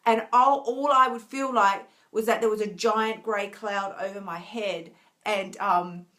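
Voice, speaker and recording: A tired, emotional woman coach talking earnestly to viewers on a live stream, restarting often and laughing softly. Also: medium pitch, steady tone, a little slow. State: tired, near tears. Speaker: wellness coach.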